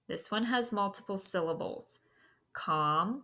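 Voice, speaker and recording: A woman teacher giving a slow, deliberate spelling dictation lesson, saying each word, using it in a sentence, then checking the marking. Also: on the low side, sharp tone.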